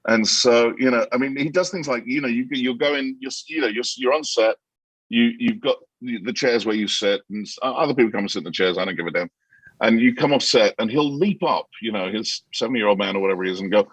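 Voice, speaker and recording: A man, an actor guest in a casual interview, telling animated anecdotes with many restarts and acting out quotes. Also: medium pitch, fast talker, husky, dry recording, poor audio.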